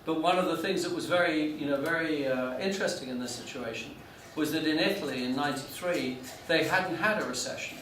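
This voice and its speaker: A man's voice: a little high, a bit bright, far from the mic. A man lectures a class in a slightly raised voice, stopping and restarting often as he tells a story. The room is echoey and he sounds set back from the mic, with a faint hum behind him. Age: 40s. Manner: halting, many restarts and fillers.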